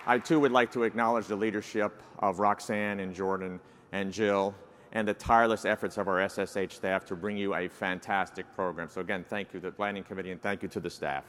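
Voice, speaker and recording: An older man in his sixties with a New York accent speaks at a conference podium in a fairly low voice. His talk is folksy and self-deprecating, dotted with uh fillers. The sound carries a long reverb from a large hall. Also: fairly even intonation, brisk, a bit bright, some chatter behind, a little hiss or hum. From New Jersey, United States. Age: 60s. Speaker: society president giving an address. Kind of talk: conference keynote speech.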